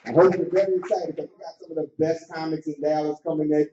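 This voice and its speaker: High-voiced man hyping a comedy crowd. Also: little pitch movement, fast talker, dark tone, slight background noise. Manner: hypes the crowd, sings a few lines. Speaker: open mic host. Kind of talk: stand-up emcee banter. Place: comedy club stage. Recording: echoey club heard from far off on a dull mic.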